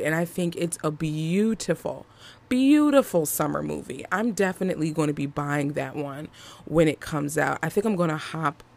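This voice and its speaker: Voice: medium pitch, vocal fry, a little mellow. A movie reviewer talking casually to viewers in a chatty, emphatic way, often repeating phrases for effect. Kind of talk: casual video commentary.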